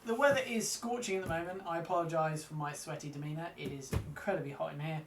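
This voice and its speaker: A man's voice: fairly high pitch, fast talker, a little hiss or hum. A man co-hosting a live stream in a casual, chatty way, self-mocking and stumbling over his reading. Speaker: co-host of a motorbike live stream.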